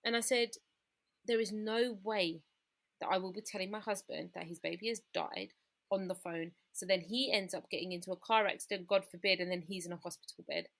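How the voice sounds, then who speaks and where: Woman, gravelly voice, candid storytelling guest, quotes what people said. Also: medium pitch, fairly quick, fairly bright tone. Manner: candid, recounting events with quoted dialogue. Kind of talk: personal story in a podcast interview.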